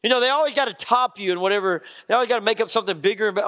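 High-voiced pastor in a reverberant hall. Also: male voice, rapid-fire, a bit bright. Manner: folksy storytelling, acts out quotes. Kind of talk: sermon. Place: church sanctuary. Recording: long reverb of a church hall.

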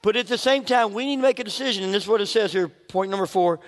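A man's voice: sits high, fast talker, big-room sound. A man preaching a sermon as pastor, conversational and humorous, acting out his own inner voices.

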